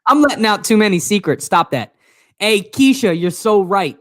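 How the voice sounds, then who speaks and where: A teasing man co-hosting a casual live chat. His pitch swings widely as he jokes and cuts in, and the sound is close and dry. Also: expressive, normal speed, fairly bright tone, no echo. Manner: teasing, playful, interrupts. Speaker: co-host. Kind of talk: casual livestream banter.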